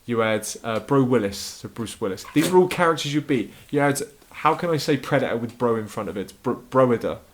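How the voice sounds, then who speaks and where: A man with a southern English accent, co-hosting a podcast with excitable, sweary banter. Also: medium pitch, a little fast, hardly any pauses, a little hiss or hum. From Hemel Hempstead, southern England. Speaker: podcast co-host. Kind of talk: casual chat.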